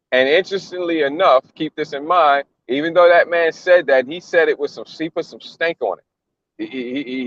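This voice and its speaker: A man's voice: fairly high pitch, highs cut off. A man giving casual religious commentary in a blunt, mocking, slangy way, often repeating himself. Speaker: commentator reacting to a news clip.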